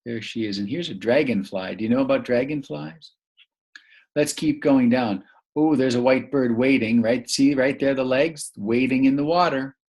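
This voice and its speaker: A man teaching a young English learner, reading a picture book aloud slowly and asking many encouraging questions. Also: mid-range voice, darkish tone. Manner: slow, encouraging, full of questions.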